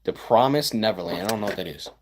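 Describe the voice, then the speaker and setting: A man's voice: on the low side, fast, a little hiss or hum. A man, chatting casually with livestream viewers, rambling with stammers and sarcastic asides.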